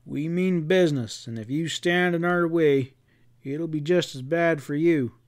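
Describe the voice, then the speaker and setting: A man's voice: a little high, measured pace, voice pushed up, natural voice. A man voicing a grim, angry leader of a frontier posse, who talks in blunt, threatening folksy speech.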